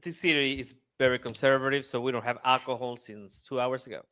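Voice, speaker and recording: A man on a casual podcast who speaks softly and hesitantly. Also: mid-range voice, steady tone, fairly quick, dry recording.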